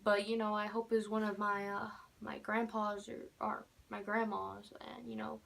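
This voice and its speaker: A woman's voice: medium pitch, little pitch movement, normal speed, creaky, a bit bright. A teenage girl telling a casual storytime tale, rambling with many fillers and restarts. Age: teens. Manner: rambling, many fillers, keeps repeating "normal". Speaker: vlogger.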